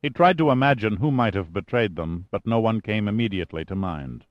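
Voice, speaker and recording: A man reading a thriller audiobook in steady, measured scripted narration. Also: fairly low pitch, dry recording, muffled recording.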